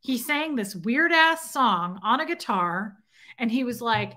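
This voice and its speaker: Bright-voiced woman ranting to her stream. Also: on the high side, takes it slowly. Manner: blunt, animated, swears and greets chat viewers. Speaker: livestream host. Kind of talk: casual livestream storytelling.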